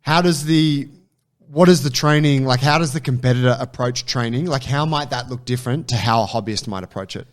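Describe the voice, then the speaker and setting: Dry, precise podcast co-host. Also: male voice, mid-range voice, a little fast. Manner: dry, precise, pins down definitions and makes puns. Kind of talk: casual chat.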